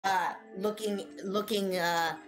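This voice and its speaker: A woman's voice: mid-range voice, fairly even intonation, takes it slowly, faint music behind. A woman playing a tabletop game, enthusiastic and supportive of the others. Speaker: player. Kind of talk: casual tabletop play.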